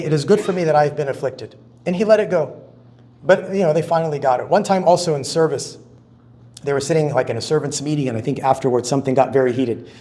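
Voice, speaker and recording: A man giving a spoken talk to a men's conference, telling stories with lively energy. He acts out quotes and reactions, swinging his pitch and loudness up and down, on a somewhat high voice. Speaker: conference speaker. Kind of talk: storytelling sermon talk.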